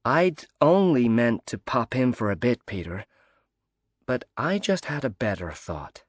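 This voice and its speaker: A man's voice: mid-range voice, very animated, unhurried, no echo, clean studio sound. A man voicing a cheery, emphatic American woman diver, read in an audiobook.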